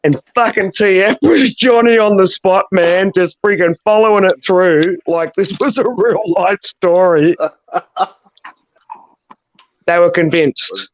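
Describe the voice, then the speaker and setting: A man's voice: high-pitched, unhurried, few pauses, no echo, poor audio. A man, co-hosting a casual chat and telling a rowdy story laced with swearing. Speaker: co-host.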